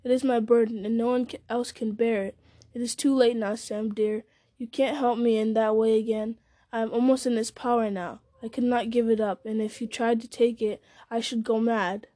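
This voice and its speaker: A woman's voice: a little high, fairly even intonation, moderate pace, warm tone, no room sound, clean studio sound, close to an everyday voice. A woman voicing a weary, burdened male hobbit who speaks in a sorrowful, strained way. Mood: sad.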